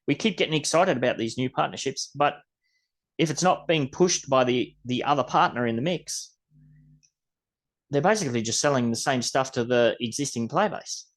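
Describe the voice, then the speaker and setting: A man's voice: medium pitch, normal speed. Chatty Australian man hosting a podcast. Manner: rambling, chatty, mild swearing. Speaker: podcast host. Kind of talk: casual podcast chat.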